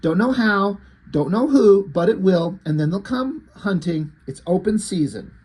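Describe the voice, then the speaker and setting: A man reading the lines of a weary, gruff comic-book loner in his own husky voice. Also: sits high, lively intonation, unhurried, a little mellow, pitched above the performer's own voice, heavily acted. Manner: blunt, terse.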